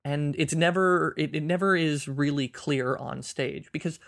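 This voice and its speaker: A man with a gravelly, creaky voice discusses films on a podcast. He thinks aloud, restarting sentences as he searches for words. The recording is dry and close. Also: a little high, a little slow, a bit bright, no room sound. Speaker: podcast co-host. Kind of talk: casual film discussion.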